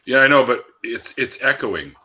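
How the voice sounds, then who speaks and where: A man's voice: medium pitch, moderate pace, husky. A man hosting a livestream, chatting casually over a video call with many "uh" fillers. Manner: relaxed, filler-heavy, hesitant. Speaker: livestream host. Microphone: computer mic on a video call. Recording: dull lo-fi call audio.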